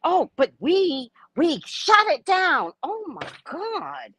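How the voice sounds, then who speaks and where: A woman's voice: extremely high pitch, slow pace, hardly any pauses, no room sound. A woman, a psychic reader, ranting casually to camera in a blunt, profane way, exclaiming and laughing often. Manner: animated and exclamatory, laughing often between remarks; blunt and profane, asides to the viewer. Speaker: psychic reader and spiritual adviser. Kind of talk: casual opinion rant to camera.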